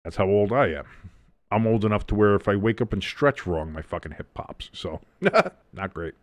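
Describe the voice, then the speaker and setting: A man's voice: lowish voice, expressive, moderate pace, no room sound. A man hosting a live football watch-along, calling plays and chatting casually with viewers, swearing freely. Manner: casual and profane, reads the chat. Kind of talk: live game commentary and chat.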